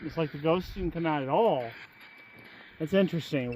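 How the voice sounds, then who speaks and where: A man's voice: on the high side, normal speed, a little mellow, lo-fi sound, a little hiss or hum. A man chatting casually on an outing, rambling and trailing off mid-thought. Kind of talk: casual chat while exploring.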